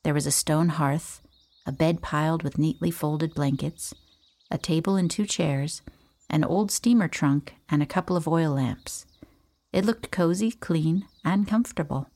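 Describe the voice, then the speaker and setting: Low-voiced woman narrating an audiobook. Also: a little slow, a little mellow. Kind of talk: scripted first-person audiobook narration.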